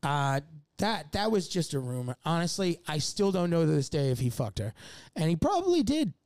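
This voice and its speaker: A man's voice: fairly high pitch, big pitch swings, normal speed, a little mellow, dry recording, clean studio sound. A man telling a long, rambling story as a podcast guest, swearing often and laughing mid-sentence. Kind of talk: casual storytelling chat.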